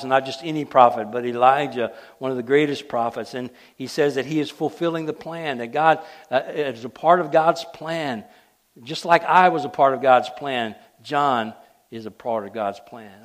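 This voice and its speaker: A man preaching a sermon, driving points home and then dropping to a hush. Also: medium pitch. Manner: emphatic, swings between loud declarations and hushed asides.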